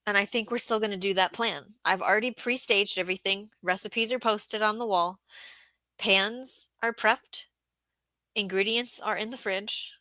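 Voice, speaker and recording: A woman's voice: mid-range voice, steady tone, normal speed, bright, forceful tone, no room sound. A woman hosting a casual livestream about market gardening, chatting and reading viewer comments aloud.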